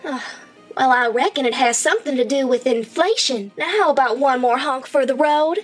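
A woman's voice: high-pitched, moderate pace, slightly rough, soft background music. A woman playing a cooing Southern clown girl. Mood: teasing.

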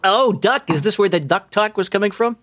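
A male podcast host talking in casual, meandering chat. His voice sits a bit high, and he keeps things jokey with frequent laughs. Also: lively intonation, brisk, a bit bright. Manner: jokey, laughs often, rambling.

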